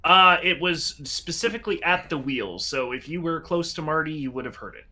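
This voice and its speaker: A man narrating a tabletop game as game master, pausing often with ums. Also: a little high, expressive, bright, forceful tone. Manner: halting, many ums.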